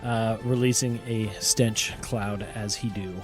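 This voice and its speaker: A man narrating as game master of a tabletop game, talking in a relaxed, hesitant way with many fillers. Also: on the low side, slow pace, soft background music.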